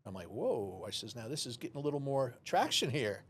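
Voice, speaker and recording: Fast-talking New man telling a story. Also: mid-range voice, husky. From New York City. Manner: animated storyteller, acts out dialogue, many restarts. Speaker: guest, former police officer. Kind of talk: storytelling in a podcast interview.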